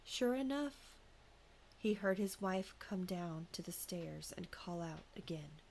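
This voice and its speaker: A woman podcast co-host narrating a folk ghost story in a hushed, whispery way, then chatting casually. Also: lowish voice, expressive, slow, vocal fry.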